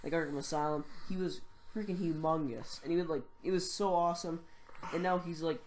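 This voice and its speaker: A teenager chats on a casual podcast at a middle pitch. The talk is hesitant and full of restarts, with a faint hiss behind it. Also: steady tone, brisk. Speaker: podcast co-host. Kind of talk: casual chat.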